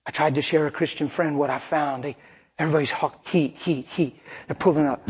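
Male preacher, rough husky voice, folksy and emphatic. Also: fairly high pitch, steady tone, a little fast. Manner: folksy, colloquial, emphatic storytelling. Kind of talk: sermon.

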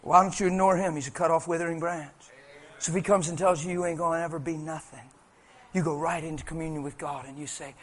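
A male preacher delivers his sermon in a high, lively voice. He talks in an animated, colloquial, conversational way. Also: fast talker.

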